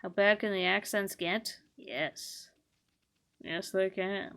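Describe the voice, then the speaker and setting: A woman's voice: mid-range voice, fairly even intonation, slow, a bit bright, clear, resonant tone. Woman let's-play host, casual sweary commentary, self-mocking, teasing. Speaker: gaming channel host.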